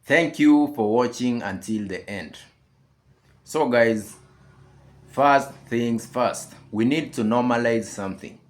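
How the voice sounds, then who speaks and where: A man's voice: mid-range voice, takes it slowly. A man hosting a commentary channel who speaks to viewers in an earnest, reassuring way. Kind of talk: direct-to-camera commentary.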